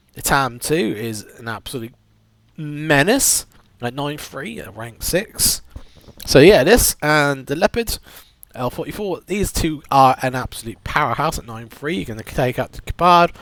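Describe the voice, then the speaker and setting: Lively, rambling gaming guy. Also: on the high side, measured pace, dry recording. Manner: rambling, restarts, fillers, enthusiastic. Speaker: gaming video host. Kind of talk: casual game buying guide commentary.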